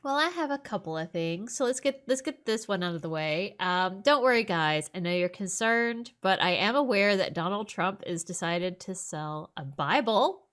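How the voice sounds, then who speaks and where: A woman's voice: medium pitch, lively intonation, normal speed, few pauses, a bit bright. A woman co-hosting a podcast in casual chat, making wry, sarcastic remarks. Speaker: podcast co-host.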